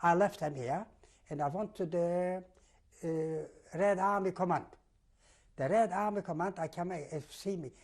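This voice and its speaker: An older man giving an oral history testimony in halting, non-native English, often repeating himself as he retells events vividly. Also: sits high. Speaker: testimony giver.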